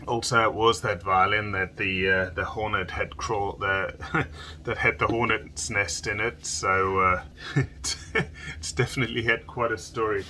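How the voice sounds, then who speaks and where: A man's voice: lowish voice, sharp tone, slight background noise. A man and violin maker chatting casually as he narrates work in his indoor workshop, rambling and joking as he goes.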